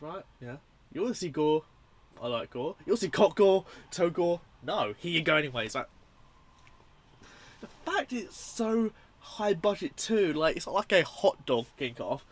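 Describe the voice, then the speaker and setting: Young man, slightly high voice, excitable, swears a lot, rambling casual review. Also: moderate pace, long pauses. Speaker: horror film reviewer.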